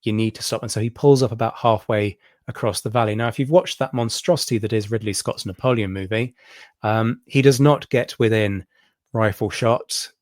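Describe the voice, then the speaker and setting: Low-voiced man explaining military history. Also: normal speed, darkish tone, dry recording, studio quality. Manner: explanatory, many ums and restarts. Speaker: history channel host. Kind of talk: livestream history talk.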